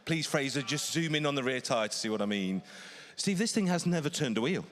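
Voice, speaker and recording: A man's voice: mid-range voice, expressive, fairly quick, a bit bright. A man presenting lots on an auction live stream, upbeat and persuasive in a salesy way.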